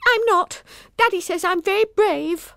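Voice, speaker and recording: A woman's voice: unhurried, gravelly, fairly bright tone, dry recording, clean studio sound, heavily acted. A woman voicing a tearful, plump young girl who whines and shrieks shrilly. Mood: whimpering. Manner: shrill and whining.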